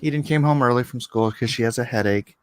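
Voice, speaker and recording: This livestream host, a middle-aged man in his home studio, talks fast in a smooth, mid-range voice while adjusting his camera setup. He's jokey and rambling, often interrupting himself, and the recording is dry.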